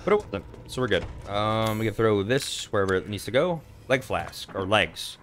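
Male let's-play host, low-pitched, swears freely while narrating his game. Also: lively intonation, normal speed, a bit bright. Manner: casual, profane, talks to himself while playing. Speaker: gaming channel host.

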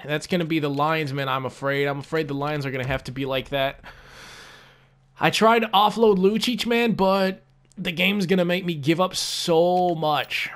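A man's voice: mid-range voice, fairly bright tone. A young man giving casual gameplay commentary as a gaming YouTuber, frustrated and swearing, repeating himself with lots of fillers.

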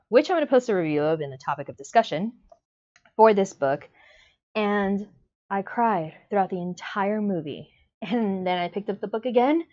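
Woman doing a book review vlog, gushy and animated, kinda muffled lo-fi audio. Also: lowish voice. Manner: emotional, animated, acts out her own reactions. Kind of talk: casual video book review.

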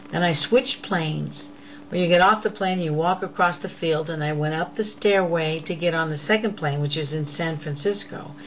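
Soft-spoken woman, earnest, often whispering. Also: fairly low pitch, slight background noise, rough recording. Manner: intimate, softly spoken, often sinking to a whisper; earnest, calls listeners "beloveds". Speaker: host of an inspirational show. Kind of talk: personal faith testimony.

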